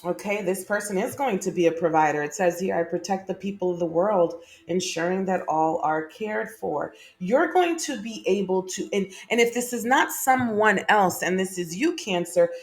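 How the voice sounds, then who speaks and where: A woman's voice: mid-range voice, lively intonation, normal speed, few pauses. Chatty, upbeat woman tarot reader. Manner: chatty, enthusiastic, many fillers and okays. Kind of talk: monthly tarot reading to camera.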